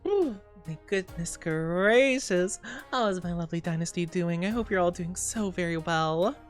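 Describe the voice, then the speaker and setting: A woman's voice: lowish voice, moderate pace, faint music behind. A woman streamer chatting casually with her viewers in a gushing, bubbly way, full of cute slang and repeated well-wishes. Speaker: streamer reading chat. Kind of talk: casual livestream chat.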